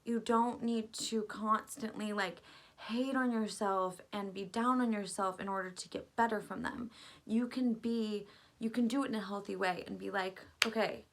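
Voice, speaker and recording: A woman's voice: medium pitch, steady tone, normal speed. A young woman in a casual, reflective monologue, talking earnestly and rambling with lots of "like" fillers.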